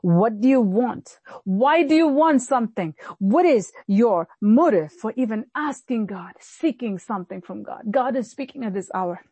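A woman pastor preaching a sermon in an animated way, often acting out the voices of people she quotes. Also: a little high, normal speed, slightly rough, no room sound.

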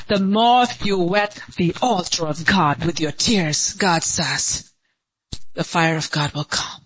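Impassioned woman pastor with a sermon delivery: bright, dry, and soaring high then dropping low. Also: slow, dry recording, poor audio. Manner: impassioned, swinging between high pleading cries and low hushed lines; laughs between lines.

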